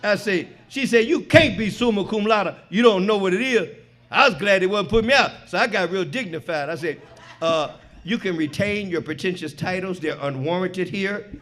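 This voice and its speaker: A middle-aged man giving a profane, animated personal share at a recovery meeting, swinging between loud punchlines and quiet reflection. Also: high-pitched, moderate pace. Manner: profane, street slang. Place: meeting hall before an audience.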